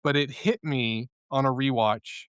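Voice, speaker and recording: A man's voice: medium pitch, measured pace, a bit bright, smooth, no echo. A man speaking playfully in a casual discussion, laughing often while he talks. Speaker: panel speaker.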